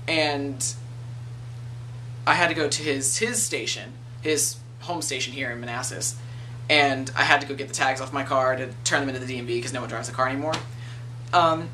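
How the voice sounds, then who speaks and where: A man's voice: medium pitch, sharp tone, distant mic, a little hiss or hum. A man of twenty-one, telling a story in a casual vlog rant, swearing freely and acting out the people he quotes. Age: 20s. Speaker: video blogger.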